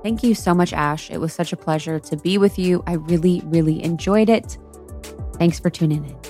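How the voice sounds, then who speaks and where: Female co-host, lowish pitch, playful and teasing, soft music underneath. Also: moderate pace. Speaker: podcast co-host. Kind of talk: casual podcast chat.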